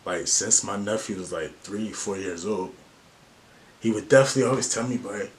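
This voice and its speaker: A man's voice: fairly low pitch, normal speed, slight background noise. A man vlogging life advice in a slangy, earnest and open way. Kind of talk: casual to-camera talk.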